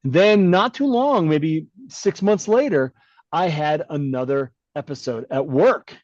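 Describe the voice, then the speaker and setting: With a fairly high voice and a slow pace, this middle-aged man co-hosts a podcast and shares a personal story bluntly, performing the quoted dialogue of its characters. The recording is muffled, with no room sound.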